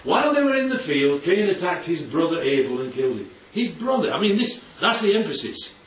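A man's slightly high, sing-song voice moves a little fast and sounds a bit bright as he delivers an informal Bible lesson to a group. He regularly quizzes listeners and checks that they follow along. The audio is distant, dull and roomy, with faint noise.

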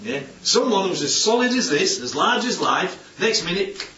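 A man's voice: sits high, sing-song, normal speed, a crowd in the background. A man preaching an informal Bible-study sermon, chatty and playful, often checking in with "yeah?". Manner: chatty, keeps asking "yeah?", playful asides. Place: church hall with congregation. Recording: distant, roomy, dull hall recording.

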